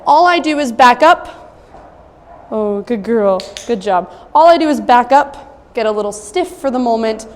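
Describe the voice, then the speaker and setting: A young adult woman dog trainer giving an instructional demonstration, explaining calmly with occasional high-pitched praise for a puppy. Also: unhurried. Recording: long reverb with faint ambient noise.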